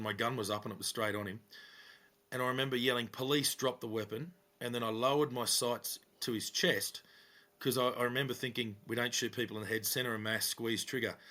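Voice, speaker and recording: A middle-aged Australian man telling a police story in casual chat, acting out quoted lines in a raised voice. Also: mid-range voice. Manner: animated, acts out quotes with raised voice. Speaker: podcast co-host, former police officer.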